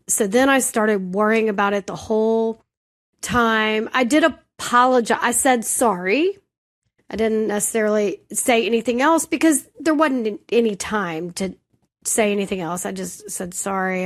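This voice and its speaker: A woman co-hosting a podcast, telling a personal story in casual chat, animated and self-deprecating. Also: medium pitch, normal speed. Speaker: podcast co-host.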